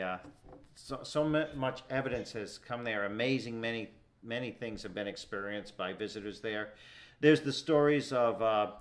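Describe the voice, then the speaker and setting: Man hosting a paranormal talk show. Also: medium pitch. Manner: rambling, thanking guest warmly with fillers. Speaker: host. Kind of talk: casual show interview.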